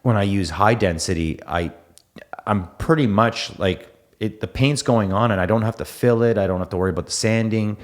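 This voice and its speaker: A man's voice: fairly low pitch, moderate pace. A man with an Eastern European accent co-hosting a casual podcast interview, talking with enthusiasm. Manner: enthusiastic, animated, often laughing. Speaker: podcast co-host. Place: manufacturing facility.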